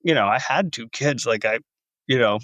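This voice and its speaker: A middle-aged man hosting a podcast, chatting in a halting, conversational way. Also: mid-range voice, a bit bright, no echo, dull audio. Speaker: podcast host. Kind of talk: casual interview chat.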